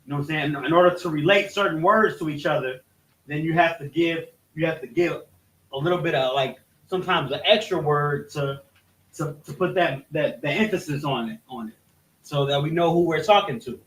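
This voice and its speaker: A man teaching a scripture lesson in a halting way, often restarting his sentences as he points things out on a board. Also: a little high, a bit bright. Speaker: religious teacher. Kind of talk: classroom-style scripture lesson. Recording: echoey room, mic at a distance.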